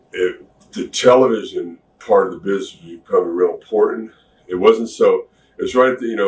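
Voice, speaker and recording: A man being interviewed about his past career, telling rambling stories in a laid-back way with self-deprecating humor. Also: low-pitched. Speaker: interview guest, former wrestler. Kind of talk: casual storytelling interview. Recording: echoey room, distant mic, faint hiss.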